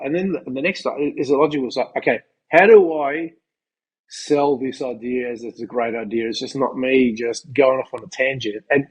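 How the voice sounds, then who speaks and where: A man's voice: medium pitch, darkish tone, slightly rough, rough recording. A man co-hosting a podcast, explaining ideas in a coaching manner with frequent restarts. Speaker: podcast co-host. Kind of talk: conversational podcast chat.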